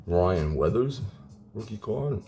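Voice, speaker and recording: A man in his forties casually chatting while opening card packs on his channel, relaxed and saying "man" a lot. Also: on the low side, takes it slowly, slight background noise. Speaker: card collecting YouTuber. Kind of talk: casual pack-opening vlog.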